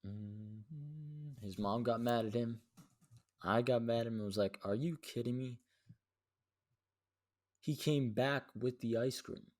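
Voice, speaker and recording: A man's voice: medium pitch, unhurried. A young man telling a story as a podcast host, slangy and profane, with lots of "dude". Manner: slangy and profane, says "dude" a lot, animated retelling. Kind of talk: casual storytelling monologue.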